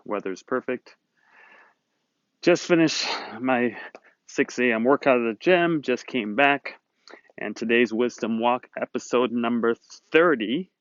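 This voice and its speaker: A man's voice: medium pitch, no echo, highs cut off. A man hosting a motivational video series, talking to the camera in a chatty, upbeat way and rambling a little as he retells a conversation. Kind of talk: casual talking-to-camera monologue. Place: Southern California.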